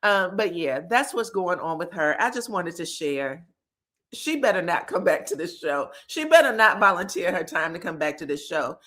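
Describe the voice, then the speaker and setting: Sassy woman host, chatty gossip commentary, mid-pitched voice. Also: a bit bright. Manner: sassy, chatty, calls viewers "child" and "girl". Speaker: pop culture commentator. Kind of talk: casual reality TV gossip commentary.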